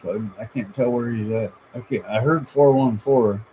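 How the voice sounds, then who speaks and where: Laid-back man with a mellow voice. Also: medium pitch, moderate pace, slight background noise, low-quality recording. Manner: rambling, chuckling, laid-back. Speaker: streamer. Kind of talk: casual chat. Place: outdoors at night. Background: faint crickets and insects.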